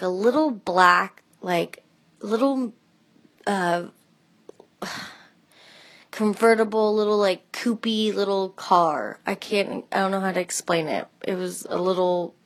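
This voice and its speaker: A woman's voice: medium pitch, low-quality recording. A woman telling a personal story about a friend in a rambling, hesitant way, with many restarts. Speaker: friend sharing memories.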